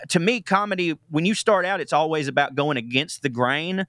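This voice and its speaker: A man with a Southern US accent, a comedian guest telling animated, laughing stories in a casual radio interview. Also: fairly high pitch, brisk, hardly any pauses, no room sound. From Tennessee.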